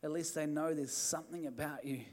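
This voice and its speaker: A man's voice: on the high side, fairly even intonation, a little fast, a little mellow. A man preaching an evening church sermon, urging the listeners on in fervent, repetitive phrases. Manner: fervent, repetitive exhortation with restarts. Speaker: pastor.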